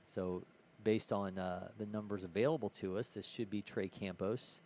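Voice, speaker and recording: A man's voice: lowish voice, steady tone, moderate pace, a little mellow, a little hiss or hum. A man from Ohio calling a live baseball game play-by-play in an easygoing way, correcting himself as he goes. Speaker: play-by-play commentator.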